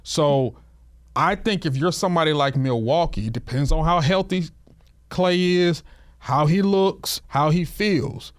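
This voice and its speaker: On a casual podcast, a male co-host with a slightly high voice talks basketball haltingly, often repeating words as he gets a thought started. The recording is dry and studio quality.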